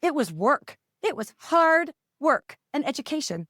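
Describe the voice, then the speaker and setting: A middle-aged woman, a parent coach, telling a personal story as a podcast guest, reflective and halting, often restarting her sentences. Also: high-pitched, very animated, no room sound, studio quality. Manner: reflective, halting, with frequent restarts and soft laughs.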